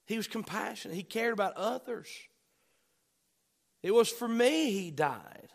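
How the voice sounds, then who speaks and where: A male pastor with a high voice delivers a fervent sermon. He swings between loud, urgent bursts and quiet, softer asides. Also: lively intonation, measured pace, gravelly.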